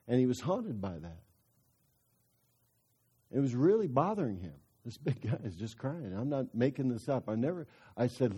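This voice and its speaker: A man's voice: medium pitch, big pitch swings, moderate pace, mellow, husky. A man preaching a sermon, telling a story in a conversational way that builds into fervent exhortation.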